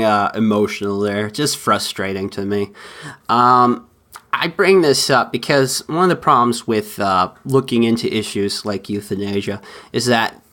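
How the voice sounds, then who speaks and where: A man hosting a podcast, giving heated opinion commentary that swings between impassioned outbursts and quieter, subdued stretches. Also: a little high. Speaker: podcast host.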